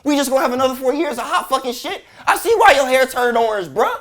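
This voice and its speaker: A man's voice: very high voice, animated, quick pace, hardly any pauses, fairly bright tone. A man hosting a commentary show, ranting in exasperated disbelief with heavy swearing.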